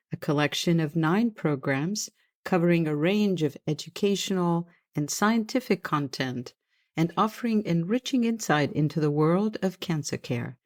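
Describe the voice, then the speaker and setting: Woman podcast host, scripted introduction, measured formal delivery, somewhat low voice. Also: a little mellow.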